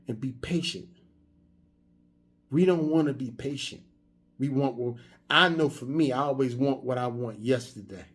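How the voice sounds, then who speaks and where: A man's voice: fairly high pitch, a little mellow, slightly rough. A man in his fifties giving a casual motivational monologue, telling stories in a conversational way with frequent restarts. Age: 50s. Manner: conversational storytelling, repetitive restarts. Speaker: vlogger.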